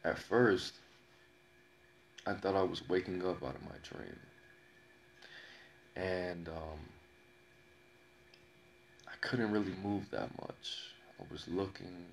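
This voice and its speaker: A very deep, gravelly male voice tells a personal story at an unhurried pace. He leans on repetition and lets pauses hang for dramatic weight. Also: a little hiss or hum. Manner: slow, dramatic telling with repeated phrases and pauses. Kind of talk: personal story told to camera.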